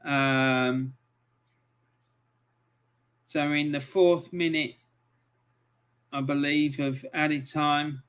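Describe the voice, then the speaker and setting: A man giving live match commentary on a stream, swearing often and breaking into angry outbursts between calm play-by-play. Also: a little high, extremely slow, pauses often, smooth.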